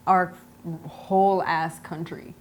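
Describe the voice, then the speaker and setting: A woman's voice: fairly low pitch, flat delivery, slow pace, slight background noise. Candid young woman with an American accent. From Pakistan. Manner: candid, emphatic, swears, uses "like" a lot. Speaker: actress, guest. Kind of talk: casual interview chat.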